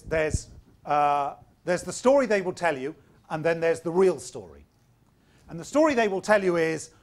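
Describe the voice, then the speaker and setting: A man who is losing his voice gives an informal talk to an audience of entrepreneurs. He speaks directly and with emphasis, often repeating words while he thinks. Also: a little high.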